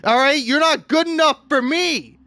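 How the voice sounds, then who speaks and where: A man ranting in a comedic way, exasperated and theatrical, swinging between shouting and muttering. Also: very high voice, moderate pace, dry recording. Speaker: online video creator. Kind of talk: comedic rant.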